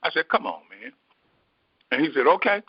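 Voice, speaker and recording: A man's voice: medium pitch, moderate pace, husky, no room sound. Folksy storytelling man, dull dry recording. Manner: folksy, animated storytelling with many fillers. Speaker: preacher. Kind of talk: storytelling sermon.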